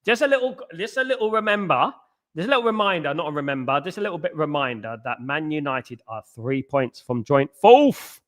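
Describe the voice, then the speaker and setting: A man's voice: a little high, expressive, brisk, a bit bright. A man hosting a live football watchalong stream. He chats casually with viewers and keeps singing playful chant parodies.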